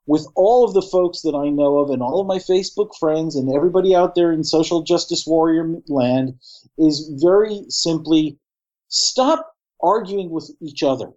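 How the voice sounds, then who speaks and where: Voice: mid-range voice, mellow. Middle-aged new york area host, blunt cussing political rant, kinda muffled lo-fi sound. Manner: blunt, profane, ranting. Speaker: podcast co-host. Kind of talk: political commentary chat.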